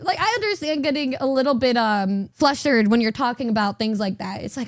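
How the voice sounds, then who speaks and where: A young-sounding woman with a high voice chats on stream, giggling often and cursing freely as she teases. Her sound is close and dry, with no room around it. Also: animated, brisk, hardly any pauses, no room sound. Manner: giggly, swears freely, teasing. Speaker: streamer reacting to viewer clips. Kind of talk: casual chat.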